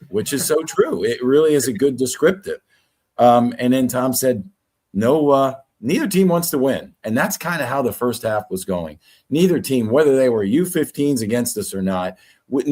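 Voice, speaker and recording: Joking man giving match takeaways. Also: medium pitch. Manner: jokey, relaxed storytelling. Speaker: watchalong co-presenter. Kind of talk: casual podcast banter.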